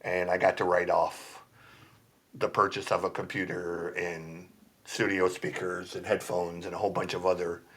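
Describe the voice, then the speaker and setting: A man's voice: low voice, little pitch movement, moderate pace, a bit bright, slightly rough. A man in casual chat as a podcast guest, rambling and laughing often between points. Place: home basement room.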